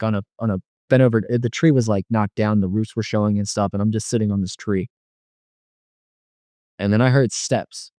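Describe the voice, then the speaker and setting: A man's voice: lowish voice, a little mellow, no echo, studio quality. A young man telling his personal faith testimony in an earnest, rambling way, with many restarts.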